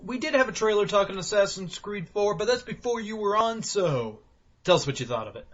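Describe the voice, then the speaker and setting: A man hosting a casual gaming podcast, animated and blunt, swearing freely and acting out his own reactions. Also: high voice, a little fast. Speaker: podcast host. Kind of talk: casual chat. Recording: slightly dull lo-fi sound.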